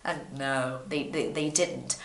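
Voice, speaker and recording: A woman, teaching English in a chatty, animated way. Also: very deep voice, slow pace, vocal fry. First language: Portuguese. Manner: chatty, animated, repeats words when restarting. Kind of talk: casual video lesson. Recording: echoey room.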